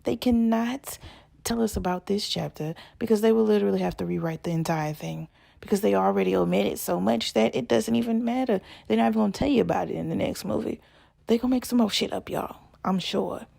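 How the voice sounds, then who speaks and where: A woman with a heavily gravelly, breathy voice and a mellow, dark color. She rants casually, swearing freely and piling up exasperated questions. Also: mid-range voice, brisk. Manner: profane, exasperated, rhetorical questions. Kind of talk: casual ranting.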